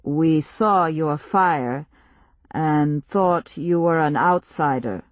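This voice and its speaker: Lady reading as a low, slow formal tribal guy, dry close sound, in an audiobook. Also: no echo. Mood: puzzled, formal. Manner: slow, stiff, formal speech. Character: wary tribal young man, slow and formal.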